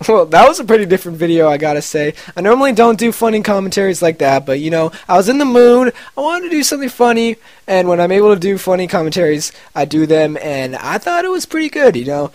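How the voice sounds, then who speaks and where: A young man talks casually to his viewers at the end of a gaming video. His voice sits a bit high for a man, and the sound is close and dry, with no room around it. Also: fast, hardly any pauses, dry recording. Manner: relaxed and chatty, with fillers. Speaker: gaming channel host. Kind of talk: casual video outro commentary.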